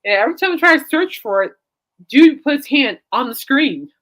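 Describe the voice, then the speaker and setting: Lively, giggly woman chatting casually. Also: sits high, a little fast. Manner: rambling, giggly storyteller. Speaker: podcast host. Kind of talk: casual chat.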